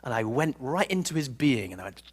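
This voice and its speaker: A man giving a live seminar talk to an audience in a room, telling stories in an animated, playful way. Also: medium pitch, fairly quick, noisy background. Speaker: personal development speaker.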